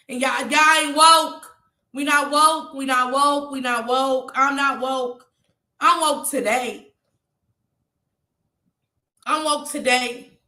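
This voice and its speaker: A woman talks straight to her viewers, impassioned and close to tears, pausing to read out their comments. Her voice sits high and bright. The room around her is echoey. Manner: impassioned, preachy, reads out chat comments. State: tearful. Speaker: YouTube vlogger. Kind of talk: emotional livestream talk to viewers.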